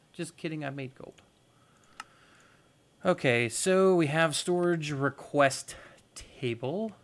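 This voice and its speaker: A man's voice: medium pitch, vocal fry. A man hosting a gaming video, giving casual let's-play commentary and thinking aloud with playful, goofy exclamations.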